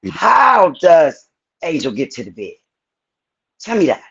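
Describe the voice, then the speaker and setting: A woman's voice: low voice, very animated, takes it slowly, vocal fry, husky, highs cut off. A woman on a live stream angrily confronting and grilling a man, swearing heavily. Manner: angry, confrontational, profane.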